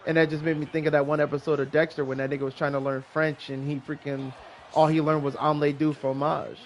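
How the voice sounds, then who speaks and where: A man co-hosting a casual wrestling podcast, easygoing and quick to laugh. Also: on the high side, little pitch movement, a little hiss or hum. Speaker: podcast co-host.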